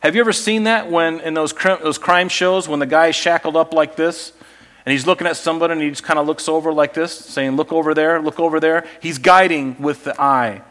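A male pastor preaching a sermon in a conversational, animated storytelling way. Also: on the high side, a little fast.

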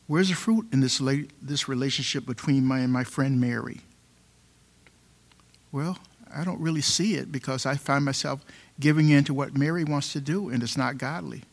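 A man's voice: mid-range voice, vocal fry. A man preaching a sermon, emphatic and fond of repeating rhetorical questions.

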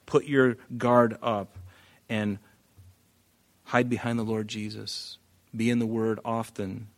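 A man's voice: lowish voice, flat delivery, slow. A man, a pastor preaching an expository sermon, reading scripture aloud and pressing points with emphatic rises and drops in volume.

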